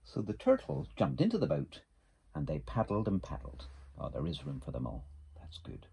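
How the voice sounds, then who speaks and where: A man's voice: sits low, huge pitch swings, moderate pace, creaky, warm tone, slightly rough. A man reading a children's picture book aloud, adding chatty asides to young listeners. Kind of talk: storybook read-aloud.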